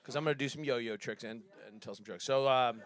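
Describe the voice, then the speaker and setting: A man's voice: medium pitch, brisk, a little hiss or hum. A man in his thirties doing a rambling, self-deprecating stand-up set on a live stage, often laughing at his own jokes. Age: 30s. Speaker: stand-up comedian.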